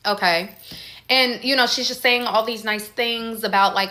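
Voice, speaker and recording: A woman telling a casual storytime, animated and acting out the voices of the people she quotes. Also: fairly high pitch, normal speed. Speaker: storytime creator.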